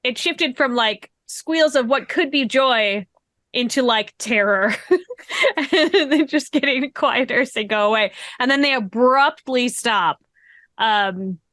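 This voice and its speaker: A woman's voice: a little high, fairly bright tone, no echo. A woman narrating as game master of a tabletop game, playful and laughing often.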